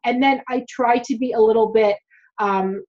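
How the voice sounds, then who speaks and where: A woman's voice: on the high side, steady tone, normal speed, dull audio. A woman, a dental hygienist, talking casually and frankly to the camera and addressing her viewers directly.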